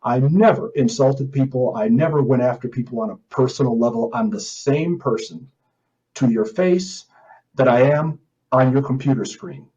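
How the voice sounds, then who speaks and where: A man's voice: mid-range voice, normal speed, mellow, muffled recording. A man hosting an opinion podcast, talking in an indignant, emphatic way and reading out comments. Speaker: podcast host.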